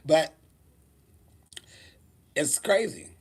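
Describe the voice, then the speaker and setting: A man's voice: on the high side, very slow, slightly rough. Sassy guy w/ chatting on his vlog, laughs a lot, voice bouncing all over. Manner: sassy, animated, laughs often. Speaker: vlogger. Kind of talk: casual storytelling vlog.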